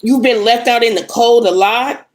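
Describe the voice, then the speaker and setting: Young woman, tarot livestream, angry, blunt, profane, fairly high voice. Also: normal speed, rough recording. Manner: blunt, profane, venting at chat commenters. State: upset and angry. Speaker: live tarot reader. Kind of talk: casual livestream chat.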